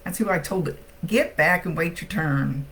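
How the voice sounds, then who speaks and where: A woman's voice: fairly low pitch, moderate pace, fairly bright tone, low-quality recording. A woman psychic medium chatting casually through a reading, laughing often as she relays messages.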